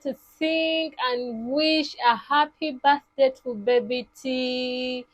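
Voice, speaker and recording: A woman teaching toddlers, speaking in a slow, sing-song, exaggerated way. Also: high-pitched, steady tone. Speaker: children's teacher. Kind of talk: toddler lesson.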